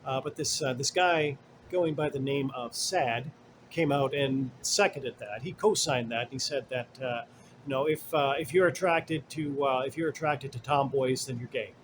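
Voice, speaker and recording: A man's voice: medium pitch, normal speed, background noise. A man in the middle of his range talks through a casual commentary monologue. He wanders off on tangents and stacks up asides, and his tone turns blunt and sarcastic, with the odd curse thrown in. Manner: rambling and digressive, many fillers and asides. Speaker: commentary host.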